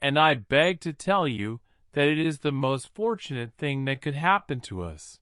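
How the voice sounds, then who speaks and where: A man voicing a calm, provoking old professor. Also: on the high side, clean tone, no echo, clean studio sound. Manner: calm, measured, smiling. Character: calm elderly male professor, coolly provoking. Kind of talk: audiobook character voice.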